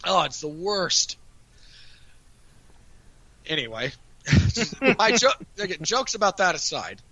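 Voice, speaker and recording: A man's voice: high voice, sing-song, takes it slowly, pushed and bright, no echo, muffled recording. A man chatting casually on a podcast, animatedly recapping a TV episode and acting out lines of dialogue. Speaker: podcast co-host. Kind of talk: casual review chat.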